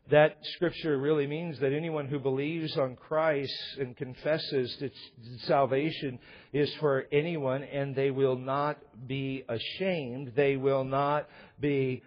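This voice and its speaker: A man's voice: on the high side, unhurried. A male preacher delivering a sermon in a church, mixing sarcastic storytelling with earnest Bible teaching. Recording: muffled lo-fi sermon recording.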